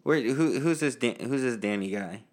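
A man's voice: mid-range voice, expressive, moderate pace. A man hosting a podcast, laid-back and chuckling, stumbling over his words in casual chat. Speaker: podcast host.

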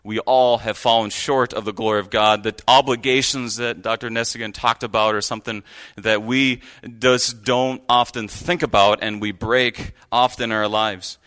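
A man's voice: medium pitch, fairly even intonation, normal speed, fairly bright tone, clear, resonant tone. A man giving a sermon from a church pulpit, preaching in an earnest, conversational storytelling way. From United States. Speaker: guest preacher.

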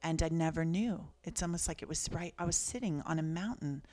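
This woman's voice sits low and moves fairly quickly. A Canadian author in her fifties, she appears as a guest and tells personal stories in conversation, earnestly, reflectively and softly.

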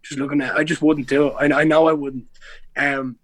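A man's voice: a little high, level tone, a little fast, dry recording. A young Irish man in a casual podcast interview, telling stories in a rambling way with many restarts and slang. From Ireland. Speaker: guest, pro MMA fighter.

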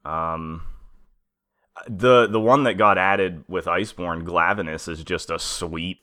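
A man's voice: sits low, slow pace, pushed and bright. A young man hosting a podcast, chatting in a laid-back way, laughing easily and swearing casually. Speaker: podcast host.

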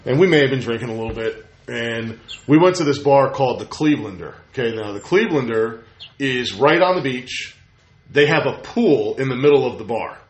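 Animated storytelling man, echoey room. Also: medium pitch, brisk. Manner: animated storyteller, acts out quotes. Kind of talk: casual chat. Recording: roomy echo.

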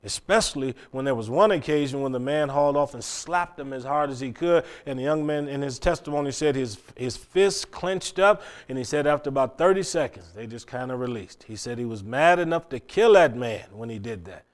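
A man's voice: mid-range voice, fairly quick, hardly any pauses. A middle-aged man preaching a sermon, telling a long moral story with frequent stammered restarts.

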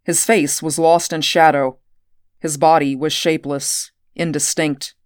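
A woman reads a story aloud at a steady, measured pace. Her voice sits low and the recording is dry and close, with no room sound. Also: no echo. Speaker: narrator. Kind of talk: audiobook narration.

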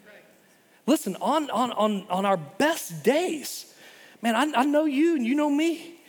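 A middle-aged man preaching a sermon in an animated way, often repeating words and restarting. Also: very high voice, a little slow. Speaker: pastor. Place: church hall. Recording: long hall reverb.

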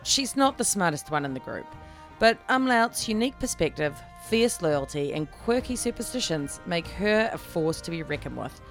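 Animated, lower-pitched woman, playful player. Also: normal speed, faint music behind. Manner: playful, upbeat. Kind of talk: introducing her character.

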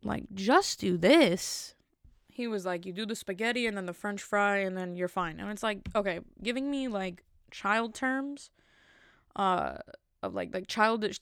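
A woman's voice: mid-range voice, clear, resonant tone, no room sound, studio quality. A woman telling a rambling comic story, sassy and self-mocking, with many asides and restarts.

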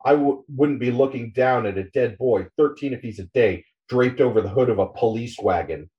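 A man's voice: medium pitch, moderate pace, distant mic, close to an everyday voice. Man voicing a foul-mouthed bitter male journalist, scathing, profane, muffled lo-fi audio.

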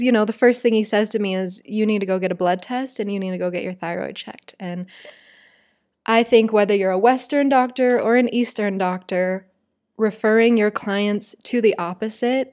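A woman's voice: medium pitch, darkish tone. A woman hosts her own podcast alone. She talks in a loose, confiding way, full of fillers as she speaks straight to her listeners. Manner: chatty, confiding, many "like" and "you guys" fillers. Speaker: podcast host. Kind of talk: casual solo podcast chat.

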